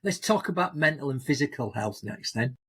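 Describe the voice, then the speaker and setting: A man in his fifties with a slightly husky, mid-pitched voice. He guest-hosts a casual podcast, steering the talk with questions. He speaks in a measured, unhurried way. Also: lively intonation, bright, forceful tone. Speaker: guest host.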